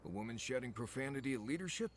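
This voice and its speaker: An actor playing a gruff male companion in a video game with dry humor. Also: medium pitch, animated, rapid-fire, slight background noise, natural voice.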